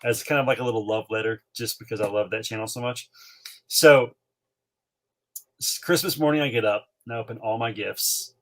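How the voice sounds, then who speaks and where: Brief: forties podcast co-host from North Carolina, lively chatty storyteller, average-pitched male voice. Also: brisk. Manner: animated storyteller, frequent fillers. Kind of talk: casual storytelling chat.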